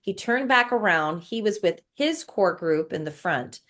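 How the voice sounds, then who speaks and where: A woman's voice: medium pitch, lively intonation, measured pace, a bit bright. A woman guest telling an emotional spiritual story in casual conversation, repeating words as she recounts it. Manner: emotional, repetitive, breathless recounting.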